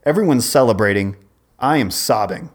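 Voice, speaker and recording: A podcast co-host in his forties tells a long, rambling story during casual chat, repeatedly breaking off and starting over. His mid-range voice is animated and moves at a moderate pace.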